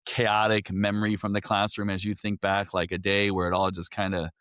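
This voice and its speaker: Man, podcast host, low voice, dry close mic, easygoing. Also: brisk, no echo. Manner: relaxed, easygoing questioning with short backchannels. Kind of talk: casual interview questions.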